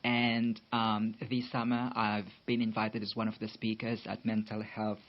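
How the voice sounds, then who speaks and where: A man's voice: on the low side, completely flat delivery, measured pace. A man with an Essex accent, a guest on a radio interview, giving brief hesitant answers with fillers. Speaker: guest blogger. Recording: dull lo-fi radio recording.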